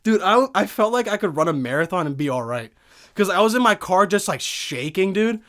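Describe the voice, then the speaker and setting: A man in his twenties hosting a casual podcast chat from a studio, excitable and profane, forever saying dude. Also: high voice, fairly quick. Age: 20s. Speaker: podcast host. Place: recording studio.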